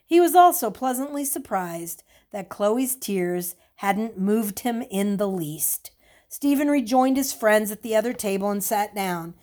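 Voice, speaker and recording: Calm woman reading a story aloud. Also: medium pitch, unhurried. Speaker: audiobook narrator. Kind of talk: scripted narration.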